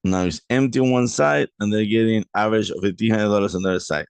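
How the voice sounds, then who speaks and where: A man walking through a property investment deal in a halting way, correcting himself often. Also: on the low side, gravelly, clear, resonant tone, dry recording. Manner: halting, many restarts and self-corrections. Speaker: real estate investor presenting a deal.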